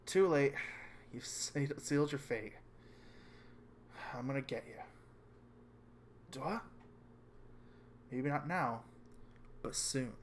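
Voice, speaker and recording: A man's voice: medium pitch, slow, pauses often, a little hiss or hum, natural voice. A man doing a cheeky teasing student guy. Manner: cheeky, joking. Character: teasing young male student, playful prankster.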